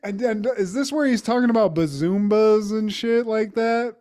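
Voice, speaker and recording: A man co-hosts a casual podcast and recaps a TV episode. His voice sits a little high. He talks in a loose, rambling way, full of fillers and swearing. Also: moderate pace, warm tone. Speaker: podcast co-host.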